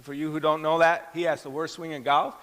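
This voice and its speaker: A man's voice: on the high side, little pitch movement, brisk, fairly bright tone, clean tone. A middle-aged man preaching a sermon, telling a personal story and acting out the voices in it. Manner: storytelling, acts out quoted dialogue. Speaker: pastor. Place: church hall. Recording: long hall reverb.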